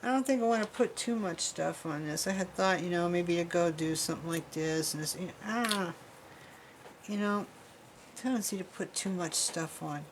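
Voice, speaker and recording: A jewelry-making instructor with a fairly low voice chats casually at a moderate pace while demonstrating a craft, rambling as her hands stay busy. She's recorded in a workshop, with a faint hiss underneath.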